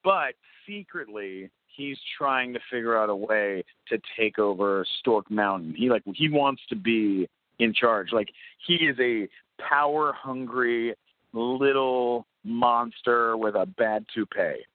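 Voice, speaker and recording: A man guesting on a casual phone interview, rambling and excitable, with lots of restarts. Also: medium pitch, slow pace, no room sound. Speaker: guest voice actor and comedian. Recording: tinny phone line, dry.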